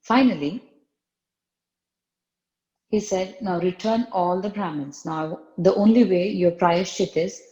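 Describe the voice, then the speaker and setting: A woman's voice: fairly low pitch, slow pace, long pauses, warm tone, highs cut off. Woman retelling a scripture story, echoey. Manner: conversational retelling with repeated phrases. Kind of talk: spiritual storytelling.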